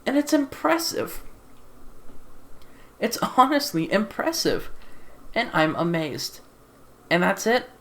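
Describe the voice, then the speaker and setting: A woman's voice: mid-range voice, big pitch swings, takes it slowly, long pauses. A woman giving a casual, exasperated film review into a desktop USB microphone while seated at home, repeating herself and swearing. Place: sitting in a chair at home.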